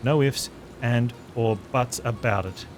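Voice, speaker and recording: A man's voice: medium pitch, unhurried, close to an everyday voice. A man reading as a brash, scornful warrior woman. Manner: blunt, mocking, swaggering. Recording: loud game music behind.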